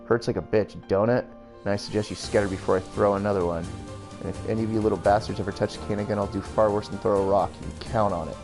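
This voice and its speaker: A man reading aloud and voicing a tough, vulgar old grandmother who fiercely protects her granddaughter, in a gruff rural drawl. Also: lowish voice, steady tone, fast talker, over music, natural voice. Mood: scornful.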